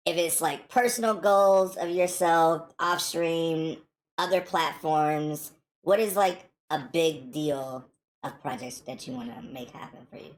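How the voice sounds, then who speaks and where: A woman's voice: low-pitched, unhurried. A woman hosting a podcast interview, chatty and gushing, with lots of "like" and "um". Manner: gushing, chatty, with many fillers. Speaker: podcast host.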